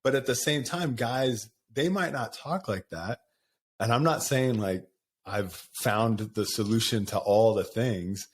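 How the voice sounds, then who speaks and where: A middle-aged man hosts a casual podcast chat, speaking candidly and loosely. He rambles between thoughts and laughs easily. His voice sits at an ordinary male pitch. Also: a little slow. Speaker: podcast host. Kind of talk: casual conversation.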